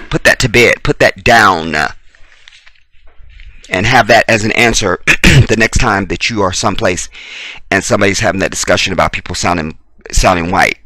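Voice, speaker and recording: Blunt, profane man ranting, bright and dry. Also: low-pitched, dry recording. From United States. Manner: blunt, profane, preachy, repeats phrases for emphasis. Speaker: video commentator. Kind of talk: impassioned commentary rant.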